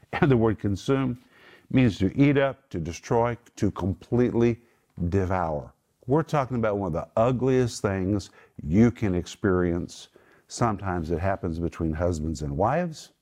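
A man leads a Bible teaching in a small group, his voice sitting a little low. He speaks emphatically and breaks each word down one at a time. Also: animated, normal speed, a little mellow. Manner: emphatic, explains words one by one.

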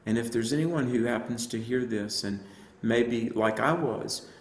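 A man's voice: mid-range voice, unhurried, roomy sound. A man who is an evangelist, telling his personal faith story in an earnest, reflective way with frequent fillers. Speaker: evangelist and apologist guest. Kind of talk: personal testimony in a radio interview.

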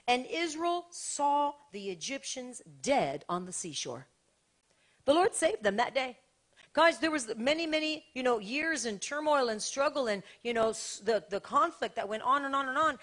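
Fervent high-voiced woman preaching. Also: a bit bright. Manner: fervent, repeats phrases for emphasis. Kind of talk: sermon.

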